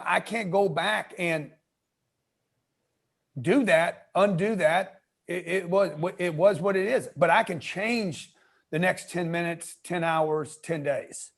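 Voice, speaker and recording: Assertive man with a very high voice. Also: a little slow, vocal fry. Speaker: host. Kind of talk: casual interview chat.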